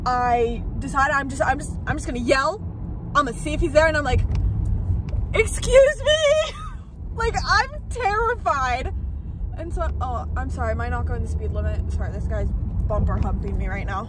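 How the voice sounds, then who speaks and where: High voiced young woman rambling a story from the driver's seat, loud road hum behind her. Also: fast talker. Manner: rambling, excitable, expressive with many fillers. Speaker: vlogger. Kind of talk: storytelling while driving. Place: inside a moving car. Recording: loud car road noise.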